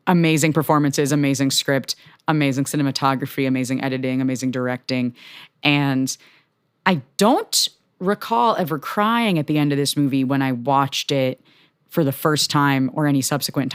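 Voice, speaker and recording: Chatty young woman, dry close sound. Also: no echo. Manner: chatty storyteller, filler-heavy, voices her quotes in high pitch. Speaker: podcast guest. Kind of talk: casual podcast chat.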